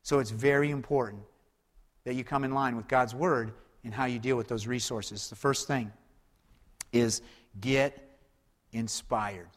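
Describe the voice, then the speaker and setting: A pastor with a medium-pitched voice preaches a sermon in a lively, conversational way, tossing in quick asides and trading call-and-response with the congregation. His voice trails off into a long reverb.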